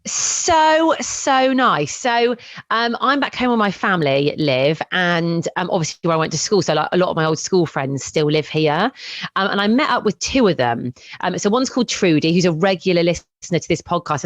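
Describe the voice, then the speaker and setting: Lively chatty woman co-hosting a podcast. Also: lowish voice, no echo. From England, Herefordshire. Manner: chatty storyteller, quick to laugh. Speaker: podcast co-host. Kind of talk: casual chat.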